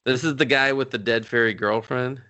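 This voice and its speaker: A man co-hosting a podcast in casual chat, jokey and quick to act out silly voices. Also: mid-range voice, fairly even intonation, bright, forceful tone. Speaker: podcast co-host.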